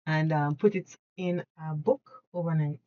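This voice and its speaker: A woman with a fairly low voice talks through a craft demonstration at her home desk, chatty and excitable. She laughs often and restarts her sentences as she works, and the recording sounds a little dull. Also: measured pace. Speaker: craft tutorial host. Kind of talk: casual hands-on tutorial.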